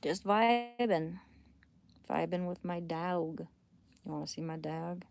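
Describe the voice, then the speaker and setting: A woman chatting casually on a late-night livestream at home, rambling between thoughts and often dropping to a hushed near-whisper. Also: lowish voice, fairly even intonation, slow pace, creaky, slight background noise. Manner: rambling, drifting between thoughts while reading chat.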